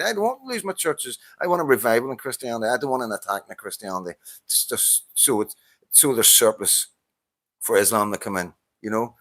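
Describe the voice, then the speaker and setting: A fired-up Northern Irish man talks straight at his viewers. He swears freely and trips over his words in rapid restarts. His voice sits in an ordinary middle pitch, recorded close and dry. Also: a bit bright, no echo. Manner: agitated, swears often, stammering restarts. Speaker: vlogger answering a viewer's comment. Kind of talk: heated casual monologue.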